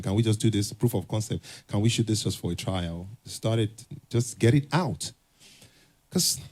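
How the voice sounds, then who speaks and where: A young man talks to a conference audience in a lowish voice. He slips into little comic skits, then drives his point home with loud, repeated urging. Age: young adult. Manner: animated, acts out dialogues, builds to emphatic urging. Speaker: conference speaker. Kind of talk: motivational talk with comic skits. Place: conference hall stage.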